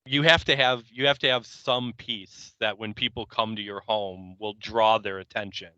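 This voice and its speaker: Deadpan male podcast co-host, lowish voice, dry close mic. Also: normal speed, clean tone, no room sound, muffled recording. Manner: wry, deadpan, mock-formal phrasing. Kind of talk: casual chat.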